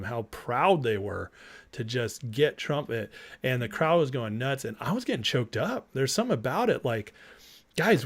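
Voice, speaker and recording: Excitable male livestream host. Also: medium pitch. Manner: excitable and emotional, reads viewer comments aloud. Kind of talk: casual political livestream chat.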